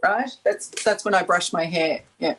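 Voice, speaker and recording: A woman's voice: fairly low pitch, normal speed, slightly rough, rough recording. A woman with an Australian accent, chatting enthusiastically on a panel, rambling and laughing often. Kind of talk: casual chat.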